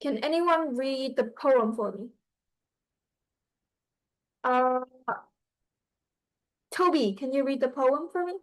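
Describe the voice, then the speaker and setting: Slow-talking young woman teacher. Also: high-pitched, low-quality recording. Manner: explaining slowly with many fillers and restarts. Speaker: English writing teacher. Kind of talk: online class lecture.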